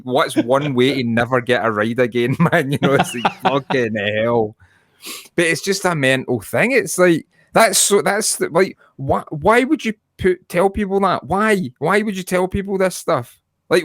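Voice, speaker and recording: A man's voice: mid-range voice, dry recording, clean studio sound. A man co-hosting a podcast in casual chat, sweary and rambling, laughing often. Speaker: podcast co-host.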